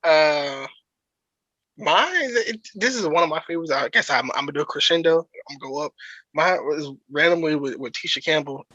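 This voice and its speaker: A man's voice: a little high, fairly quick, bright, forceful tone, no echo, lo-fi sound. A man hosting a podcast, chatting casually and in a laid-back way about a movie. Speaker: podcast host.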